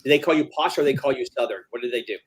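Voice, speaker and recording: A man's voice: mid-range voice, rapid-fire, slightly rough. A man from the United States, a guest acting coach, chatting casually and asking curious questions. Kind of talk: casual chat.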